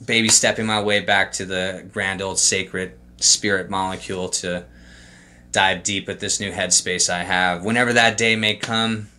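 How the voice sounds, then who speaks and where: A man's voice: sits low, fairly even intonation, unhurried, bright, forceful tone. A young man casually telling a story straight to camera, loose and profane, full of fillers. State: emotional, holding back tears. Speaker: vlogger. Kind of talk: casual trip report monologue.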